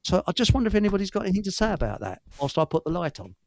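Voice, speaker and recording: Lively rambling man hosting a chat stream. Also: sits high, racing, dry recording. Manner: rambling, hesitant storyteller with many fillers. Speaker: host. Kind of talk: casual live-stream chat.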